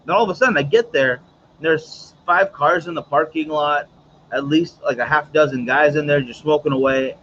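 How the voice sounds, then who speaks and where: Dull audio with a bit of hiss or hum carries a fairly high, slightly bright male voice at a moderate pace. It's the host of a cigar morning show, running a casual livestream where he rambles and chats with lots of fillers and side comments to his audience.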